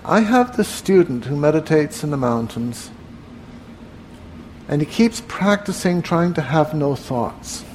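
A man teaching meditation to a live group in a room, relaxed and conversational, often asking the room questions. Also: a little high, a little slow, slight background noise. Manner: relaxed, asks the audience questions, frequent "uh". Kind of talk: evening talk to a live group.

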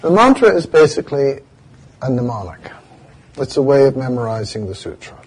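A man giving a dharma talk as a meditation teacher, telling stories and slowly spelling out Sanskrit chant words. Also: mid-range voice, sing-song, darkish tone, husky.

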